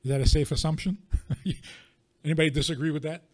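Male rabbi, somewhat high voice, teaching a room through pointed rhetorical questions and dry homely examples. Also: fairly even intonation, brisk. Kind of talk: teaching talk to an audience.

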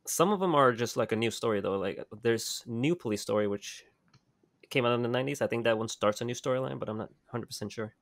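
A man's voice: mid-range voice, fast, gravelly. A man co-hosting a podcast, talking casually and tentatively about a movie, often hedging what he says. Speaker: podcast co-host. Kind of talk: casual movie-discussion chat.

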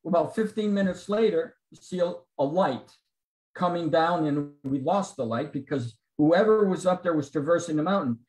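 A man's voice: a little high, normal speed, a little mellow, reverberant, low-quality recording. A man telling his personal testimony to a Bible study group on a video call. He acts out the dialogue of the people in his story. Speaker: guest giving a testimony at a men's Bible study. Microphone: computer mic on a video call.

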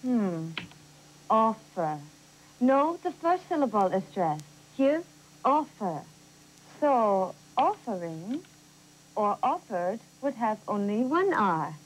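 A woman's voice: medium pitch, sing-song, slow pace, poor audio. An actress playing an earnest adult woman learning spelling, in a scripted educational TV lesson. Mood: curious.

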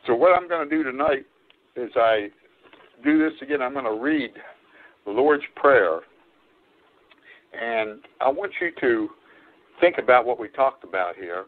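A man's voice: medium pitch, lively intonation, unhurried, long pauses. A man preaching a sermon on his radio program, earnest and repetitive, with frequent fillers and restarts. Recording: tinny phone-line radio broadcast.

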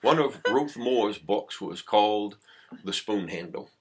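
A man's voice: lowish voice, lively intonation, a little slow, breathy edge. A man with a strong, unusual Maine accent, a guest in casual chat, telling stories in a folksy, earthy way. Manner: folksy, earthy storytelling with laughs.

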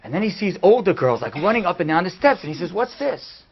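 A man, a rabbi giving a class, telling a story in an animated way that swings from hushed to loud. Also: high-pitched, quick pace, slight background noise. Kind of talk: storytelling lecture. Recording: dull lo-fi recording.

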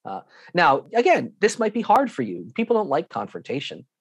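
A man giving an online lesson with slides, talking in a lively, emphatic way, acting out airline staff and repeating himself for emphasis. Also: fairly high pitch, normal speed, slightly rough, no room sound, clean studio sound. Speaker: guest instructor.

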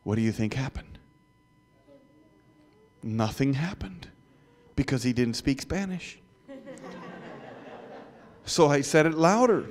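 A man telling a story to children in church, animated, asking the listeners questions and dropping to whispers. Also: medium pitch, slow, long pauses. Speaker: guest speaker.

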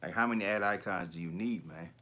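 A man hosting a casual livestream chat about collectibles, talking in slangy, profane bursts and animated storytelling. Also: low-pitched, quick pace, a little hiss or hum. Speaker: YouTube collector channel host.

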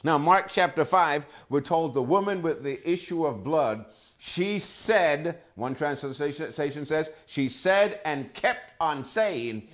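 A male pastor preaching a sermon, working through Scripture references with an emphatic, animated delivery and frequent exclamations of praise. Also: fairly high pitch, slow pace.

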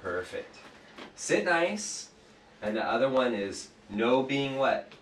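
A woman therapist calmly and patiently teaching a child during a session, recorded from across an echoey room. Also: rumbling low, measured pace. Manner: patient, calm, instructive. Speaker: behavior therapist. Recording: echoey room, mic far off, faint hiss.

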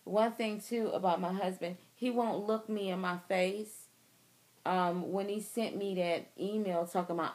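A woman's voice: fairly low pitch, steady tone, normal speed, a little mellow. A young woman, talking candidly and emotionally to her viewers in a personal video diary, recorded outdoors. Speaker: vlogger.

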